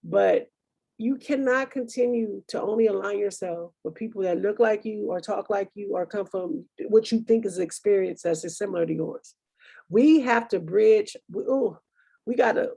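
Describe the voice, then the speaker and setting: A woman's voice: medium pitch, vocal fry, dark tone, slightly rough. A woman hosting a podcast, recapping past episodes in a casual, preachy monologue and thinking aloud with fillers.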